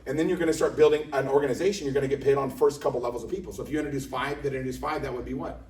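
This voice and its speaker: A man's voice: mid-range voice, fairly even intonation, very fast, a little mellow. A man from Indiana giving a joking sales presentation to a live audience, often asking the room questions. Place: company office meeting room. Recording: echoey room, from a distance.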